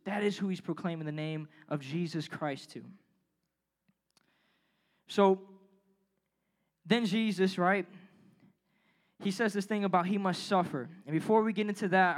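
A man's voice: high-pitched, moderate pace, pauses often. A young man giving a casual, joking youth sermon, reading scripture aloud with emphasis and talking in slang to his listeners. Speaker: youth preacher.

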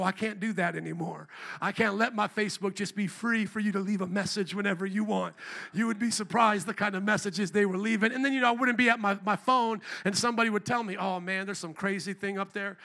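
A man preaching as a pastor, animated and acting out quoted voices, building to shouts. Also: high-pitched, creaky. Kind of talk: sermon. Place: church sanctuary.

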